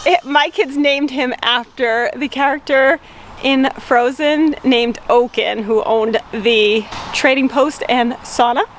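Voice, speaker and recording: A woman's voice: high voice, fairly even intonation, slow, slight background noise. A woman from Rhode Island chatting casually as a farm vlogger, cheerful and laughing often between sentences, outdoors on her farm. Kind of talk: casual vlog chat.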